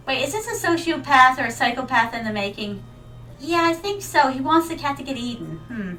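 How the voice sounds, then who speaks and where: A woman's voice: sits high, lively intonation, moderate pace, bright, forceful tone, distant mic, low-quality recording. A woman streaming a video game, chatting playfully with her viewers, with giggles and dramatic yelps. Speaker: VTuber streamer. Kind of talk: casual gaming stream chat. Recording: mic set back, faint music behind.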